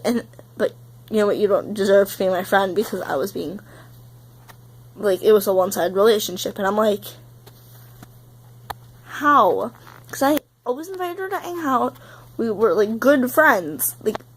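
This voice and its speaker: A woman's voice: mid-range voice, low-quality recording. A young woman in her teens vlogging, upset and close to tears, rambling and saying "like" a lot. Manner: tearful, rambling, heavy use of "like". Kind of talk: emotional confessional vlog.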